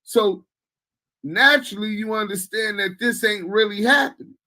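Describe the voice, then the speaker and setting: A male podcast host with a high, bright, sharp voice reacts to a clip. He talks in a mocking, skeptical way and swears freely. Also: moderate pace, low-quality recording. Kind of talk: reaction commentary.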